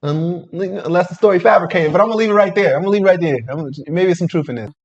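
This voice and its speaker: A man reacts to a clip as host, blunt and emphatic with plenty of swearing. His voice is high for a man. The sound is a bit dull and muffled. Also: very fast, darkish tone. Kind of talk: casual reaction commentary.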